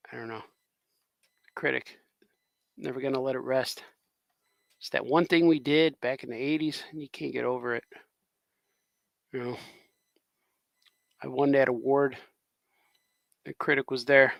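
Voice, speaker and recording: Gravelly, chatty man streaming live. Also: mid-range voice, steady tone, unhurried, pauses often, fairly bright tone, no room sound. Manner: rambling and chatty, often saying "man". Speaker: cartoonist hosting a live stream. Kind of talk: casual live-stream chat while drawing.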